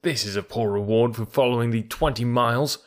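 A man's voice: medium pitch, a little fast, lightly acted. A man voicing a loyal, anxious young male wolf who speaks earnestly in old-fashioned words. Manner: earnest, archaic speech.

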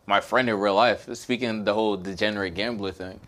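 A young man casually telling a story on a podcast, getting loud and heated as he acts out an argument. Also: lowish voice, quick pace. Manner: animated storyteller, gets loud and heated when retelling the fight.

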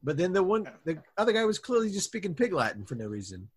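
A man playing a confused coworker in a comedy sketch, halting and incredulous. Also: high-pitched, sing-song, husky.

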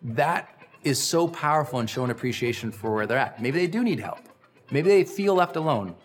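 A middle-aged man hosting a personal growth podcast, giving an energetic, emphatic motivational talk. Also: brisk, soft background music. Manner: energetic, emphatic, acts out quoted lines with big pitch swings.

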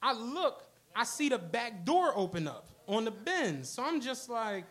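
A man's voice: extremely high pitch, measured pace, hardly any pauses. A man telling a profane story on stage at a live podcast show, acting out the people in it. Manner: animated, profane, acts out the people in his stories. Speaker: podcast co-host. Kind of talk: live storytelling before an audience. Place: stage of a comedy club.

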